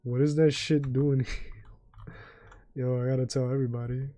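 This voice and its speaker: A man's voice: mid-range voice, flat delivery, moderate pace, dark tone, no room sound. Laid-back rambling young streamer guy. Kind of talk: casual livestream chat.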